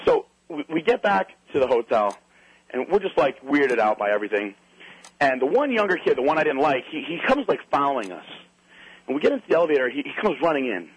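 A man casually telling a wild anecdote, animated and swearing, acting out other people's lines. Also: a little high, quick pace, breathy edge, no room sound, low-quality recording.

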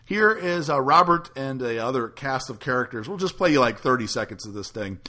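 A man hosts a podcast in a loose, casual chat. His voice has a bright, forward edge and a middle pitch. He swears freely as he talks. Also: lively intonation, a little fast. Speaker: podcast host.

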